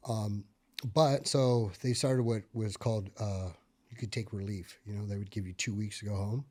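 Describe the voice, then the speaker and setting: A man, a military veteran, telling stories from his service in a casual podcast chat, full of fillers and swearing, and getting loud and animated at the tense parts. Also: lowish voice, moderate pace. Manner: profane, filler-heavy, gets animated and loud when reliving tense moments. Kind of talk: casual conversational storytelling.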